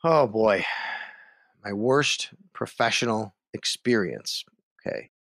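Animated man telling a story. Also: on the low side, slow pace, dry recording, studio quality. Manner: animated, acts out the other voices in his story. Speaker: sports radio host and interview guest. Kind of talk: storytelling in a podcast interview.

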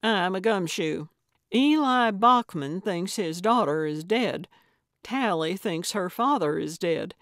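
A woman voicing an elderly, bossy woman sleuth in an audiobook, speaking loudly in slow, emphatic declarations. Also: medium pitch, dry recording, studio quality. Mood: insistent. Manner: loud, emphatic, deliberate declarations. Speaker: audiobook character.

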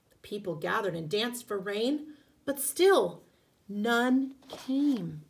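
A woman teacher reading a folk tale aloud, expressive, with casual asides. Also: mid-range voice, takes it slowly, gravelly. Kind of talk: storybook read-aloud.

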